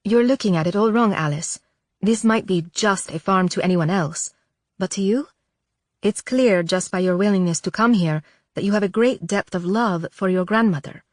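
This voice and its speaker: A woman narrator voicing a patient, reassuring woman who guides a visitor through family history, in a calm, gently persuasive tone. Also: medium pitch, normal speed, dry recording, clean studio sound, close to an everyday voice.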